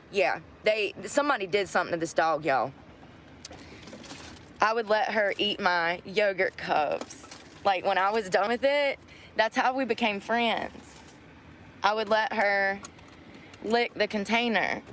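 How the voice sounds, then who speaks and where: A woman's voice: mid-range voice, fairly bright tone. Rambling woman vlogging outdoors. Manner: rambling, gossipy, folksy. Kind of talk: casual chatty vlog. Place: outdoors by a store lot. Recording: outdoor traffic noise.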